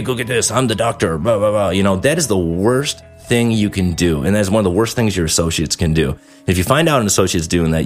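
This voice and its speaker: Male host, 30s, low and expressive, chatty mentor tone over light background music. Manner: animated, conversational, acts out quick quoted asides. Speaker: dental practice owner and podcast host. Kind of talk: casual advice monologue.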